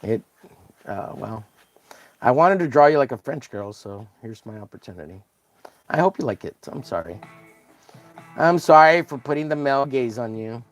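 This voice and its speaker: A man's voice: mid-range voice, animated, normal speed, long pauses, dry recording, soft background music. A man hosting a casual drawing livestream, joking crudely and greeting viewers by name as he works. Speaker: livestream host.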